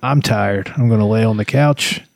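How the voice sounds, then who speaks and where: A man's voice: lowish voice, normal speed, creaky, dry recording, clean studio sound. Laid-back profane man, podcast co-host. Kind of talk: casual chat.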